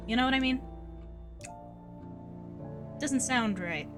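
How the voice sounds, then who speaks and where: Woman streamer from Ohio, casual gaming chat, giggly and foul-mouthed, a touch high-voiced. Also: takes it slowly, long pauses, a bit bright, soft background music. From Ohio, USA. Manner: giggly, chatty, swears casually.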